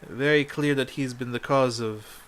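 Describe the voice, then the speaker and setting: A man's voice: mid-range voice, fairly even intonation, normal speed, heavy background noise, lightly acted. A man voicing a regal queen who speaks in a formal, stately way.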